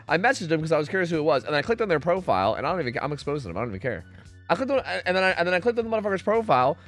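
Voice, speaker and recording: Young man, gaming streamer, casual profane chat, lively swinging pitch, faint background music. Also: very fast. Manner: profane, rambling, reacts loudly to chat.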